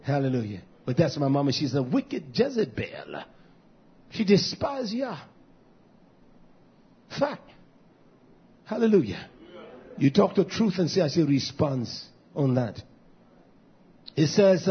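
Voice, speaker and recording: Fiery high-voiced male preacher. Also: breathy edge, lo-fi sound. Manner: fiery preaching, swinging from shouts to low mutters. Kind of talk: sermon.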